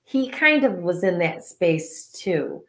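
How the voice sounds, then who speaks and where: A woman's voice: on the low side, big pitch swings, takes it slowly, a bit bright, roomy sound, slight background noise. A woman co-hosting a casual spiritual chat, talking loosely with many fillers and easy laughs. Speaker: co-host.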